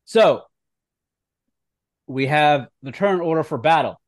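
Man in the game master's seat, mid pitch, easygoing, dry close mic. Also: slow, dry recording. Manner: relaxed, casual, loose with fillers. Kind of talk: narrating a tabletop game.

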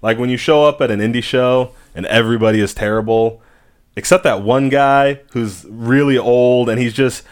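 A man's voice: medium pitch, fairly even intonation, moderate pace, smooth. A man co-hosting a podcast in casual chat, rambling and circling his point with restarts and "you know". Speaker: podcast co-host.

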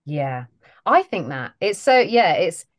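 A British woman with a notably low voice talks through an interview in a loose, chatty way. She is self-deprecating and quick to laugh. She speaks as a guest actress. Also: sing-song. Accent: British English. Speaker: voice and mocap actor guest. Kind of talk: casual interview chat.

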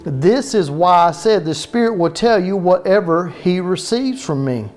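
A man's voice: sits high, lively intonation, darkish tone, soft background music. A man with a Southern US accent preaching a sermon as pastor, drawing out his words in a folksy way and asking questions of his listeners. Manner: folksy, drawn-out words, asks the room questions.

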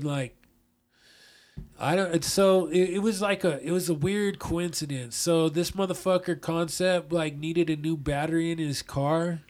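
A man's voice: a little high, darkish tone. A young man from Colorado telling a profane, slang-heavy story in casual chat, acting out the quotes. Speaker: guest storyteller.

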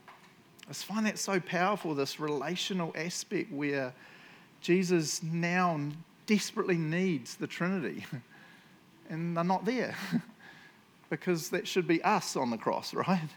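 A man gives a sermon, talking earnestly and casually to his listeners. He often restarts and fills pauses. When he reads a passage aloud, he slows down and gives each phrase weight. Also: a little high. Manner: earnest and conversational, with many fillers and restarts; reads quotes slowly and with weight. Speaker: preacher.

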